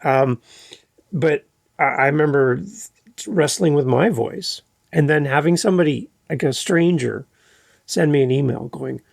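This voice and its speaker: Man, podcast host, relaxed casual chat, gravelly, dry close mic. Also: on the high side, dry recording. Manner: relaxed, unhurried conversational delivery. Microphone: podcast microphone.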